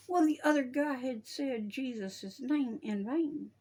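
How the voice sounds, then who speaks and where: A woman delivers a homespun warning in a religious video. Her voice sits a little high, and she scolds in a folksy way, breaking into laughter often. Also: unhurried, warm tone. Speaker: online preacher. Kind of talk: casual religious video talk.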